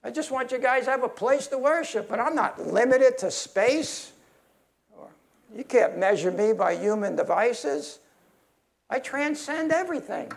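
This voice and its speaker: A man voicing God in a sermon, speaking plainly and a little insistently to worshippers, his high voice a bit gravelly. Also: lively intonation, measured pace, heavily acted. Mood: explaining. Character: God speaking to worshippers, all-powerful, calm.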